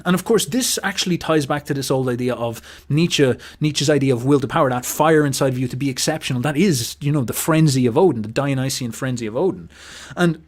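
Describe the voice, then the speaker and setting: A man hosting a casual philosophical monologue, emphatic and animated, swearing casually and mimicking other people's voices. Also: on the high side. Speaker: host.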